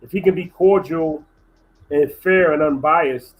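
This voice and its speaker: A man's voice: a little high, measured pace, poor audio. A man on a livestream panel, voicing opinions hesitantly with frequent restarts. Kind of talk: casual discussion.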